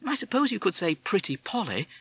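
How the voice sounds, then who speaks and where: A man voicing a kindly middle-aged mother and keen home cook, in a bright, eager, sing-song manner. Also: sits high, sing-song, brisk, creaky, slightly rough, no room sound, pitched above the performer's own voice, exaggerated voice. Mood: warm, eager.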